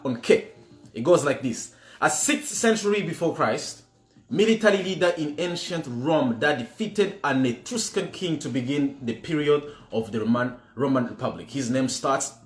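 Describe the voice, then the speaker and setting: A man hosting a livestream trivia game, playful and switching languages while greeting viewers by name. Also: on the high side. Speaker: quiz host. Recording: roomy with music behind.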